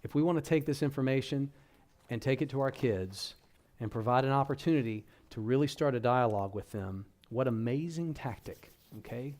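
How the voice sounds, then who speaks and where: Man giving a church talk, mellow. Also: medium pitch, moderate pace. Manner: conversational, addresses audience directly. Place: church hall.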